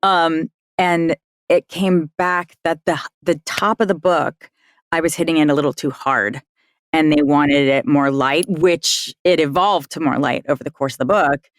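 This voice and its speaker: An audiobook narrator guesting on a podcast, telling a work story in an animated way with frequent laughter. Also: mid-range voice, a little slow, dry recording, studio quality. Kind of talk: casual roundtable discussion.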